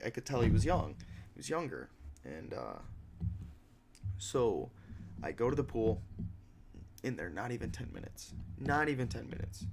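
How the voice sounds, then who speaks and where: A young man hosting a podcast, telling a story in a casual, animated, profane way and acting out other people's lines. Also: mid-range voice, gravelly, a little hiss or hum. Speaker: podcast host; mixed martial arts fighter.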